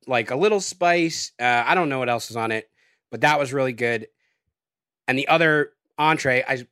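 A man talking loosely on a podcast, hedging and filling gaps with ums and likes. His voice sits at a middle pitch, recorded dry and close with no room around it. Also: no room sound. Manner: relaxed, rambling with many fillers. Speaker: guest. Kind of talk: casual podcast chat.

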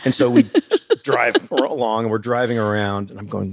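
Middle-aged male podcast guest, gravelly, animated storyteller, dry close mic. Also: on the low side, normal speed, no echo. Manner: animated storyteller, acts out quoted voices. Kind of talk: casual storytelling chat.

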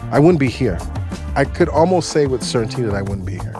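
A man telling a personal story in a casual, animated way, swearing now and then and acting out what people said. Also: medium pitch, brisk, music in the background. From United States. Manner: animated, swears, acts out quotes. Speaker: guest storyteller.

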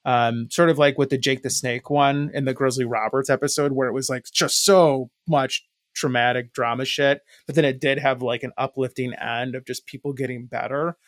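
A man's voice: medium pitch, fairly even intonation, normal speed, few pauses, dry recording, studio quality. A man co-hosting a podcast, chatting loosely and telling rambling stories full of filler words. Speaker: podcast co-host. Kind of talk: casual chat.

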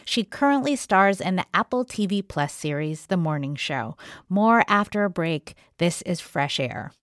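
A woman radio interviewer asking gentle questions and reading a scripted guest introduction. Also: on the low side, expressive, normal speed, no room sound, clean studio sound. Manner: gentle questions, brief acknowledgments.

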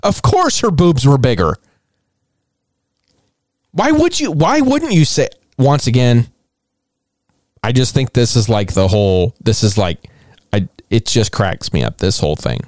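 A man hosting a comedy podcast, talking in a lively, swooping voice with irreverent, mocking asides and plenty of swearing. The sound is dry and close, with no room around it. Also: lowish voice, normal speed, dry recording. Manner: irreverent, mocking, swears often, laughs at own material. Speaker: podcast host.

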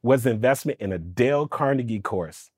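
A man telling a personal story on a podcast, animated and lively, slipping into voices for the people in it. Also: mid-range voice, normal speed, husky, no room sound, studio quality. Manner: lively, does voices for people in his stories, stammers when excited. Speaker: podcast guest, speaking coach. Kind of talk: animated storytelling in casual interview.

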